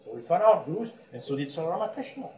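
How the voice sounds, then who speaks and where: A man with a somewhat high voice preaches as a monk, telling anecdotes and breaking into chuckles. He sounds set back from the microphone in an echoey room, with a faint hum behind him. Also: sing-song, quick pace, mellow. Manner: storytelling with frequent chuckles and restarts. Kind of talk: sermon. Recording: roomy echo, distant mic, faint background hum.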